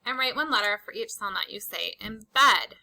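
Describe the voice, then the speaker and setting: A woman teaching a slow, patient phonics lesson to young children, stretching out and repeating each word for emphasis. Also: medium pitch, animated, gravelly, bright, forceful tone, low-quality recording. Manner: drawn-out, emphatic word repetitions.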